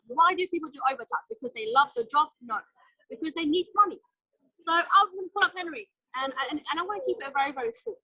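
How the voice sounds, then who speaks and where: A woman giving a motivational sales training talk, energetic and direct in a coaching tone. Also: very high voice, quick pace, dry recording, poor audio.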